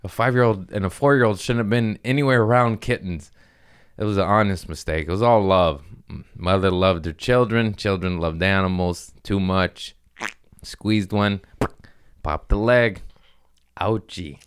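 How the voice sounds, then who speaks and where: A man's voice: low-pitched, moderate pace, clean tone. A young adult man hosting a comedy podcast, rambling through crude jokes and laughing at himself. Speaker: podcast host. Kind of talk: casual comedic monologue.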